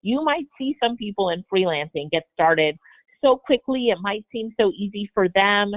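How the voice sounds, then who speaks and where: A woman's voice: medium pitch, animated, moderate pace. A woman hosting a live Q&A coaching session on a video call, upbeat and motivational. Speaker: webinar host. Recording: tinny phone-like webinar audio.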